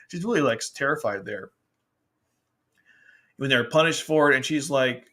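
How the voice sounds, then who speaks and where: A man of medium pitch hosts an anime review, speaking a little fast but with long pauses as he chats casually about a manga. Animated and laughing often, he performs characters' lines in over-the-top voices.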